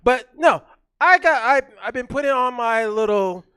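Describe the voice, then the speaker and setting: A man hosting a comedy show on a theater stage, loud and hyped, working the crowd with animated banter into a stage mic. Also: very high voice, moderate pace, clear, resonant tone, no room sound.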